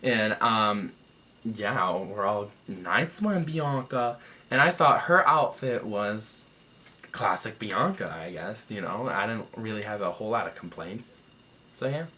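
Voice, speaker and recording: A man's voice: on the low side, lively intonation, a little slow, bright, forceful tone. A young man in his twenties reviewing a TV episode in a loose, chatty way, with plenty of "like" and "you know". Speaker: TV review vlogger. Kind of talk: casual chat.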